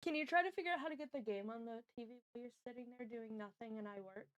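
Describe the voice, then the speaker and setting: A woman's slightly high voice races along in a dry, clean studio recording. On a home stream, she works through word puzzles out loud, trying guesses and poking fun at the people nearby.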